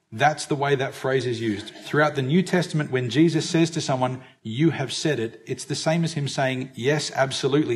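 An Australian man delivering a sermon, with a voice pitched a little higher than most men. He reads scripture passages aloud and then explains them, often slowing down to stress key words. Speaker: preacher. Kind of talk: sermon, Bible teaching.

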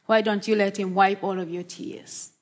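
A woman preaching a sermon in a slow, earnest, encouraging way, often asking questions of her listeners. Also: medium pitch, little pitch movement. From Australia.

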